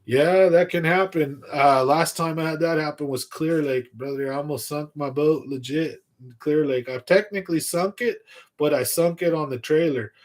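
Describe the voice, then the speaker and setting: A man's voice: a little high, normal speed. A young man hosting a fishing livestream, telling a story in a casual, slangy way and acting out his own thoughts. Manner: animated storyteller, slangy, acts out his own inner voice loudly. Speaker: fishing channel host. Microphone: livestream computer mic.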